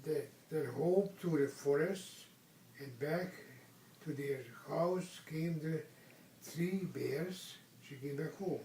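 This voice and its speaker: Older man reading a bedtime story slowly. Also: a little high, slight background noise. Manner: gentle, asks the child questions. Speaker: grandfather reading aloud. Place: room at home. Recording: echoey room from a distance.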